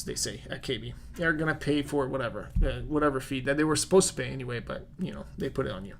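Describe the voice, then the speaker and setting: A man's voice: mid-range voice, animated, quick pace, vocal fry, few pauses, slight background noise. A man with a non-native English accent, a real estate agent hosting a casual live-stream Q&A, chatty and full of fillers as he answers viewer comments.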